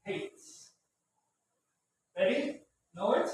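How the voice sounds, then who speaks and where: In a very echoey room, far from the mic and with faint noise, a man with a very high-pitched, very animated voice teaches English vocabulary to a class. He draws out his words, explains patiently and repetitively, and keeps ending phrases with "right?".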